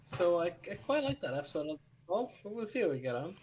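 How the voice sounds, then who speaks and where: A man co-hosting a casual online review chat, his voice sitting a touch higher than most men's. He jumps in eagerly and keeps tripping over his own restarts. A faint hiss of background noise runs under his mic. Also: a little fast. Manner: excitable, stammering restarts. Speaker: podcast co-host.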